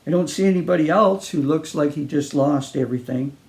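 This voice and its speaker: A man doing a tall, talkative Australian drifter, breezy and chummy, with a pitch that jumps up on the friendly greetings. The gravelly, mellow voice underneath keeps him relaxed. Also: brisk, lightly acted.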